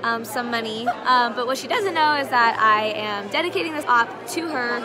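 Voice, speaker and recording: A young woman vlogging in a busy convention hallway, chatting fast and giggling as she tells stories. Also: fairly high pitch, crowd noise. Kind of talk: casual vlog chat. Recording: noisy crowded hall with music.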